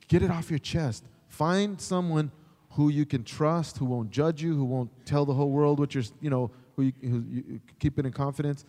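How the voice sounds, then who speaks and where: A middle-aged man, a chaplain, teaching in a sermon style, animated, acting out the voices he quotes. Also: a little high, big-room sound. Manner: animated, acts out quoted voices, repeats words when starting. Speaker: chaplain and pastor.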